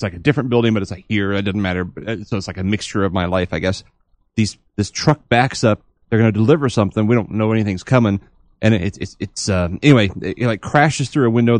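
A man co-hosting a podcast, telling a long dream story in a rambling, animated way with many restarts. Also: lowish voice, fast, no room sound. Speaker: podcast co-host.

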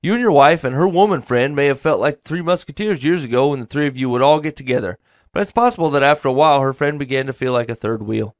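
A man's voice: medium pitch, fast, no echo, clean studio sound. A man co-hosting a casual podcast, reading listener advice letters aloud and chatting.

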